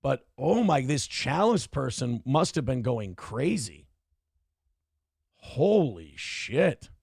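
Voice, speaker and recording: Gravelly, profane male stream host. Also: mid-range voice, big pitch swings, takes it slowly, darkish tone, no room sound, clean studio sound. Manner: blunt, profane, reads chat aloud. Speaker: show host. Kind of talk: casual live-stream commentary.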